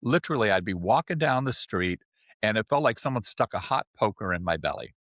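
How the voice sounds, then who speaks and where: A man in his seventies, a podcast guest, telling his life story in a chatty, animated way and often checking in with "right?". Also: lowish voice, brisk, dry recording, studio quality. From California. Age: 70s. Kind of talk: casual storytelling interview.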